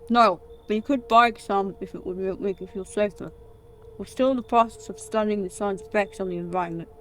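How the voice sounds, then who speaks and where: A woman voicing a calm government scientist who talks in a measured, reassuring way. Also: medium pitch, natural voice.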